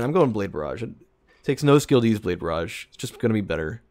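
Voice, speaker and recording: A young man streaming a shooter game, grumbling sarcastically at teammates and bursting into frustrated shouts. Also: on the low side, big pitch swings, quick pace. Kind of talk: live gameplay commentary.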